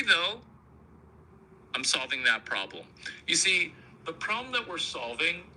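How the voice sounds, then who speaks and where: A man riffs through a comic monologue at a slow, deliberate pace. His voice is pressed and forceful, with a sharp edge. He stays provocative and crude, often turning the joke on himself. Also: mid-range voice, slight background noise, low-quality recording. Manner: provocative, crude, self-mocking. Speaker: comedian host.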